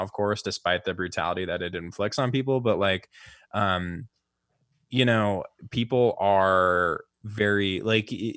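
A man with a low voice talks through politics in a loose, rambling way, full of fillers and false starts. His voice is recorded close and dry, with no room around it. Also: fairly bright tone, no room sound. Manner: rambling, many fillers and restarts. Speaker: podcast co-host. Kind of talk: casual political chat.

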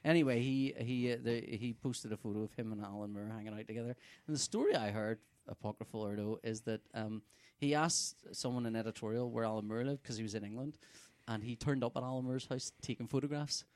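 A man, telling travel stories in casual podcast chat, animated and sweary. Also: medium pitch, fast talker, no room sound. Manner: sweary, animated storyteller, laughs often. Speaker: podcast co-host.

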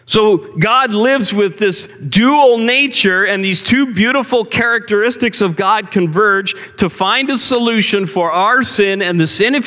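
A man's voice: sits high, bright, forceful tone. A male pastor preaching a sermon in a church, talking conversationally and asking the congregation questions. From Canada. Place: church sanctuary. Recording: long hall reverb.

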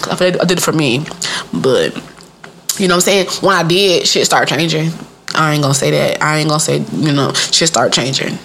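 A woman with a fairly low natural voice hosts a casual solo podcast. She tells stories in loose, slangy speech, laughs often, and leaps up in pitch when she quotes someone. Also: slight background noise. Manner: animated storytelling, laughs often, jumps up high for quoted voices. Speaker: podcast host.

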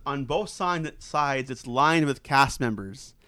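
A man telling a long, rambling story in casual chat, full of fillers and "right?" check-ins, getting loud and animated when he acts out shouted lines. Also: mid-range voice, slow pace, smooth, no echo.

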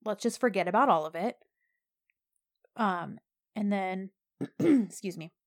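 Animated woman retelling a story. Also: mid-range voice, unhurried. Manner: animated retelling, acts out the lines with rising emphasis. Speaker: podcast co-host recapping a drama. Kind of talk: casual chat.

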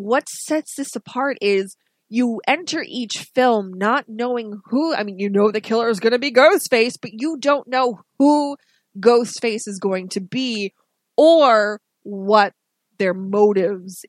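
A woman's voice: fairly high pitch, takes it slowly, no room sound. Thoughtful female podcast co-host. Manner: thoughtful, hesitant with ums. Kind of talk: casual chat.

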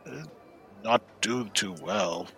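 A man doing a gravelly, slow-talking monster brute. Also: on the low side, pushed and bright, soft background music, voice pushed down, exaggerated voice. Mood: gruff. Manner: broken, halting speech. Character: big hulking monstrous male creature, simple-minded, good-natured.

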